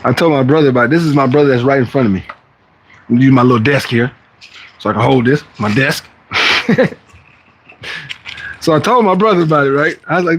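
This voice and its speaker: Hosting a fitness livestream, this man talks to his viewers in relaxed, slangy chatter that wanders and starts over, frequently imitating others. His medium-pitched voice is animated and fairly quick, broken by long pauses. There's a slight hum of background noise.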